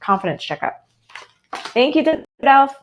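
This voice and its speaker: A woman's voice: sits high, very animated, a little slow, muffled recording, a little hiss or hum. Upbeat american lady doing a live tarot reading, chatty, lots of ums and likes. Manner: chatty and upbeat, heavy with fillers like "um" and "like". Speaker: tarot reader.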